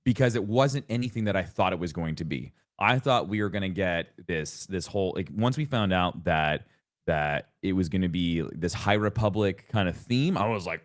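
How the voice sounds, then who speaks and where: A man co-hosting a casual gaming podcast, talking in long rambling stretches with frequent restarts and bursts of excitement. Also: deep voice, normal speed. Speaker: podcast co-host.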